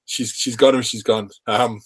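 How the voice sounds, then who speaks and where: A man's voice: mid-range voice, steady tone, moderate pace, breathy edge. A man telling rambling work anecdotes in casual chat, laughing often. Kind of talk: casual chat on a live stream.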